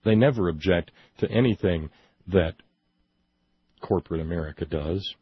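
A man with a low, husky voice delivers a sarcastic political monologue and rises into mocking indignation. He reads quotes quickly and stumbles over restarts now and then. The recording is dry and dull, like lo-fi home audio. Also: no room sound. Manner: hesitant restarts and fillers. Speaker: political commentary host. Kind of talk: sarcastic monologue reading from a report.

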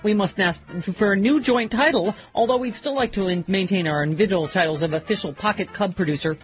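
A woman's voice: medium pitch, brisk, soft background music. A woman hosting a radio talk show, laughing often and reading listener messages aloud in casual chat. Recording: slightly dull radio broadcast audio.

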